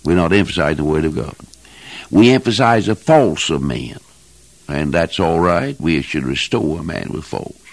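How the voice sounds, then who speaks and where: An older man preaching a fervent old-time sermon, emphatic and husky, with King James phrasing. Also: sits low, animated, moderate pace, no echo. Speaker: evangelist preacher.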